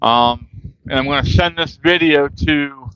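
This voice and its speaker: A man's voice: on the high side, a little slow, sharp tone, smooth, no echo, dull audio. Folksy guy ranting on a windy walk. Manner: angry, swearing ranting; casual folksy talk with y'all. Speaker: vlogger. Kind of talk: walking livestream rant. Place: outdoors in cold wind, walking. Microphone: handheld phone at arm's length.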